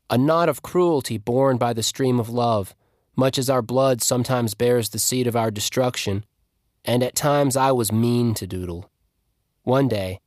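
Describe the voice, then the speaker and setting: Man reading a story, dry and measured. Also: mid-range voice, dry recording. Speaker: story reader. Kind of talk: literary reading aloud.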